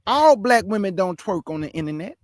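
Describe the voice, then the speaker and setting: A man preaching in a high, forceful register, hammering his points home with repeated phrases. The recording is dry and close, with no room sound around him. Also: very animated, fairly quick, dry recording. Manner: emphatic, repetitive preaching cadence. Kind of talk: impassioned sermon.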